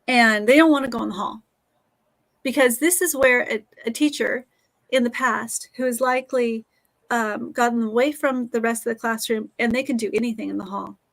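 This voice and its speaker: A middle-aged woman speaks as an interview guest, earnest and reflective, now and then restarting a thought. Her voice sits a little higher than most. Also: normal speed, creaky, a bit bright. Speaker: guest, author and teacher.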